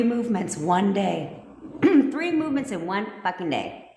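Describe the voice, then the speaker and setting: A woman coaching viewers on a casual livestream, blunt and profane and quick to laugh as she greets people and cheers them on. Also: medium pitch, very animated, warm tone, roomy sound, a little hiss or hum. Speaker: manifestation coach hosting a livestream.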